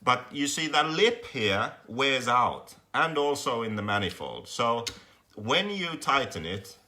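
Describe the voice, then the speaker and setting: A young man hosts a live workshop stream in a very bright, forceful voice. He talks casually and swears freely. When he acts out his own frustration, his pitch jumps around and he gets loud. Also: very animated, measured pace. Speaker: host of a live workshop show.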